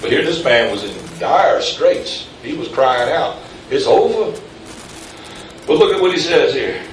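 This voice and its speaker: A man's voice: medium pitch, lively intonation, normal speed, a little hiss or hum. A man preaching a sermon to his congregation, chatty one moment and emphatic the next, quizzing the listeners as he goes. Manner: conversational, rising to emphatic peaks, quizzing the congregation. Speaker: pastor. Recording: echoey room, from far off, faint ambience.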